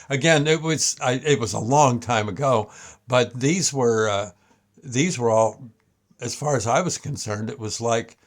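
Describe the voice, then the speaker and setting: An older man hosting a show, telling a childhood story in a casual, meandering way with many halting restarts. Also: on the low side. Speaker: show host. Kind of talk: casual reminiscence.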